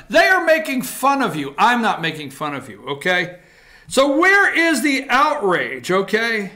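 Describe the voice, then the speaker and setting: A talk show host delivers sarcastic political opinion in an animated way. His voice is high for a man and bright, with a forceful edge. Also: measured pace.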